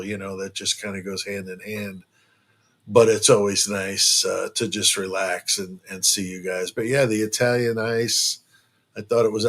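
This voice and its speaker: A man's voice: fairly low pitch, fairly bright tone. A man hosting a casual true crime live stream from home. He rambles and jokes, with lots of fillers and restarts.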